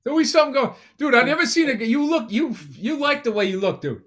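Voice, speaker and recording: A man with a notably high voice, riffing on a comedy podcast. He teases his co-host and tells profane, animated stories in loose, joking chat. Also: quick pace. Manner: teasing, profane, animated storyteller who acts out voices.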